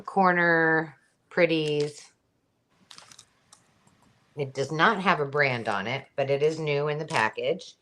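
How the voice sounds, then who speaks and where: A woman with a low, unhurried voice hosts a live craft sale. She chats her way through each item, pointing out details as she picks them up, in no hurry at all. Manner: chatty, describing items while handling them. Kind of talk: live selling chat.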